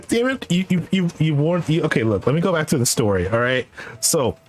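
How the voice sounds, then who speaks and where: Animated young man rambling a story. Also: a little high, fairly quick, faint music behind. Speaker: streamer. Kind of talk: casual chat while gaming.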